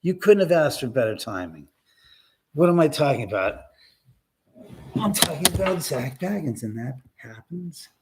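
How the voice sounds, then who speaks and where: Male livestream host, slightly higher voice, rambling and profane, phone-filmed at home. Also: normal speed, pauses often, very noisy. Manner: rambling, profane, animated storyteller. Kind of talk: casual livestream storytelling. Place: his own house, indoors.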